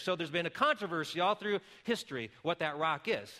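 Bright-voiced preaching man. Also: a little high, expressive, a little fast. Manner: builds from quiet explaining to loud emphatic calls. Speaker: pastor. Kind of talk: sermon.

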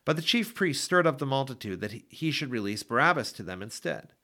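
A man reading scripture aloud for a daily Bible podcast, with an expressive, dramatic delivery. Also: medium pitch, fairly quick. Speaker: Bible reader.

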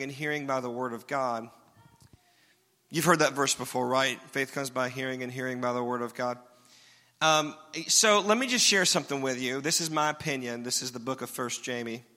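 Bright-voiced male preacher in a reverberant hall. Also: mid-range voice. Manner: conversational preaching, checks in with the crowd. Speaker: pastor. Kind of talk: sermon. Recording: long reverb of a large hall.

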